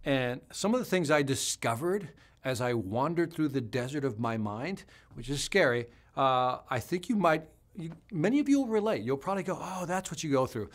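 A man with a fairly high speaking voice hosts a live stream and answers viewer comments one by one. He talks to his audience directly in an energetic, conversational way. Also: moderate pace. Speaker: sales trainer hosting a live stream.

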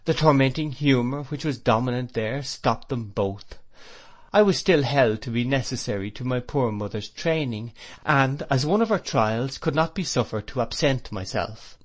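A man reading a classic novel aloud as an audiobook narrator, in a measured way. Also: medium pitch, expressive.

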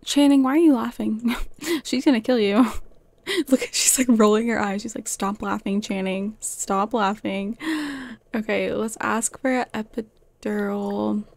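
Excitable woman streamer, gravelly and bright. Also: on the high side, a little slow, dry recording. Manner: chatty, excitable, gasps and laughs often. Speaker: game streamer. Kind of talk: casual gameplay commentary.

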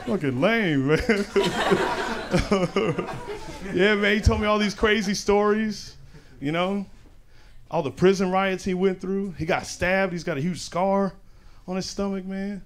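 A man's voice: high-pitched, slow pace, very noisy. A young man doing a stand-up comedy set, brash and slangy, with punchy delivery on a club stage. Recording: loud crowd laughter behind. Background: audience laughing.

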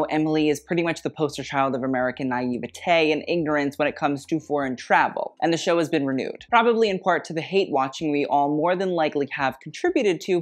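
A YouTuber giving a sarcastic, snarky fashion critique in a scripted vlog, with wry deadpan asides. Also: medium pitch.

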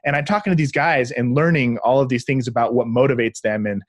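Young adult man, podcast guest, enthusiastic storyteller, dry close sound, middle pitch. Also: quick pace, no room sound. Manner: enthusiastic, acts out quoted speech. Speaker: guest, relationship researcher. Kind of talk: conversational storytelling.

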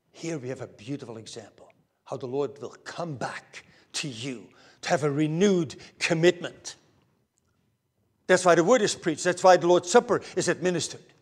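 A man preaching a sermon as pastor, earnest, moving between raised emphasis and hushed near-whispers. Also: on the high side, moderate pace. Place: church pulpit.

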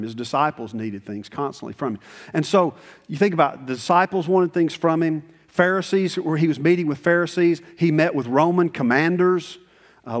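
A man in his sixties preaching a sermon as pastor, conversational and animated, with sudden high bursts of emphasis. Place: church sanctuary. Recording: long church reverb.

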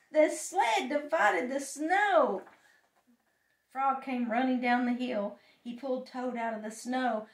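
Grandma reading a kids story out loud, high lively voice, roomy echo, mic kinda far. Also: female voice, a little slow. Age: older. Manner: lively, animated read-aloud.

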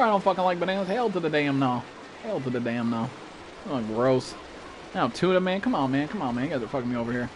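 A man streaming a game live, chatting casually and excitably with viewers and swearing constantly. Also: medium pitch, brisk, a little hiss or hum. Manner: profane, excitable, calls viewers bro and dude. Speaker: gaming streamer.

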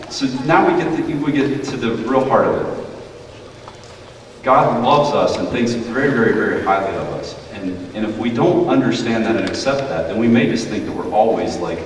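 A man's voice: lowish voice, a little hiss or hum. A male pastor giving a playful children's sermon, now and then putting on quoted voices. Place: church sanctuary. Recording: echoey church hall, mic far off.

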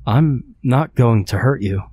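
A man voicing a frightened, bewildered man in a scary story, speaking in a hushed, soft, panicked way. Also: mid-range voice, lively intonation, takes it slowly, husky, pitched above the performer's own voice.

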